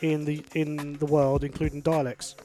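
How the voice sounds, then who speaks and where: A man hosts a radio show in a fairly high voice, rambling through dry jokes while faint music plays behind him. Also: moderate pace. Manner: joking, rambling, deadpan. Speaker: radio host. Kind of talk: casual on-air banter.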